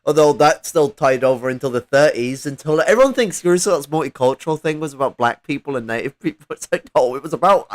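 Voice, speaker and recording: A man's voice: on the high side, animated, quick pace, few pauses. A man co-hosting a casual political chat stream, talking in a profane, rambling way with lots of fillers. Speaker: livestream co-host.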